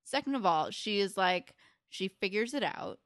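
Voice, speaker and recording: A woman in her twenties co-hosts a casual podcast, talking eagerly and loosely with plenty of fillers and the odd curse. Her voice sits at an ordinary middle pitch. The recording is dry and close. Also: lively intonation, normal speed, fairly bright tone, no room sound. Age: 20s. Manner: enthusiastic, chatty, frequent "like" fillers and swearing. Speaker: podcast co-host. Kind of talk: casual recap chat.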